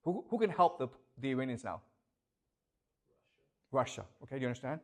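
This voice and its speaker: A man's voice: mid-range voice, sing-song, fast talker, fairly bright tone. A man lecturing a classroom, asking students questions and checking often whether they follow.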